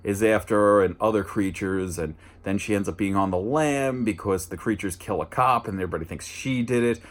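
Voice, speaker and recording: A man hosting a casual movie review, rambling and chatty, with restarts and dry asides. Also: fairly quick. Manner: jumps higher and louder when mimicking lines.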